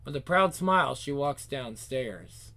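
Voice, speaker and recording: A man reading a visual novel game aloud, narrating and adding quick lively asides. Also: medium pitch, vocal fry.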